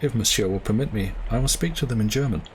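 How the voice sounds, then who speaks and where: A man's voice: medium pitch, quick pace, slight background noise, close to an everyday voice. A man voicing a composed, philosophical young servant in a read-aloud novel. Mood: calm. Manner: polite, composed.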